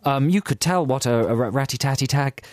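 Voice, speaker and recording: A man co-hosting a podcast, chatting playfully and joking in quick asides. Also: medium pitch, no room sound, clean studio sound. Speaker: podcast co-host. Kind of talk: casual comedic chat.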